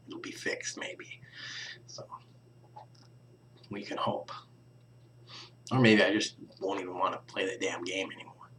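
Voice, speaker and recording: With a lowish, slightly bright voice and a touch of hiss or hum behind him, a young man vlogs casually to camera. He mumbles and rambles, trailing off into near-whispers amid sighs and laughs.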